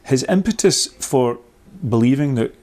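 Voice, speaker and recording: A man's voice: mid-range voice, expressive, unhurried, a little mellow. Rambling man leading a workshop. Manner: rambling, thinks aloud with many restarts. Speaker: workshop leader. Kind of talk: discursive workshop talk.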